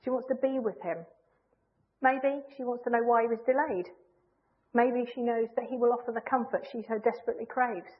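A woman preacher delivers a sermon in a fairly high voice, earnest and measured, pressing hard on key phrases. The audio is thin and tinny, like a phone line.

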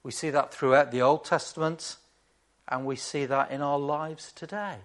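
A man's voice: fairly high pitch, steady tone, moderate pace, a bit bright. A man preaching a sermon in a conversational way, with rhetorical questions and dry asides to the congregation.

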